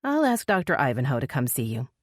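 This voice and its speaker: A woman voicing a brisk, matter-of-fact female nurse in an audiobook. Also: rumbling low, big pitch swings, no room sound, clean studio sound, heavily acted.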